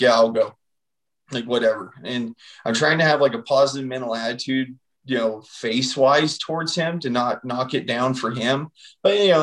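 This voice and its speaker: A man's voice: medium pitch, rough recording. Man telling his story, filler-heavy. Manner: rambling storytelling with many fillers like "you know" and "like". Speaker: podcast guest. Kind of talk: personal testimony in casual conversation.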